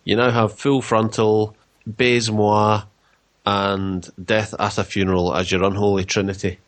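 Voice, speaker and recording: A man's voice: lowish voice, little pitch movement, measured pace. A man hosting a radio film review, asking wry questions. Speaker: radio show host.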